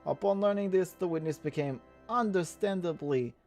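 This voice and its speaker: A man's voice: high voice, moderate pace, a little mellow, faint music behind. A man voicing a formal, courtly game quest giver in a put-on Russian accent, reading the text aloud and stumbling over some words. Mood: grave formal.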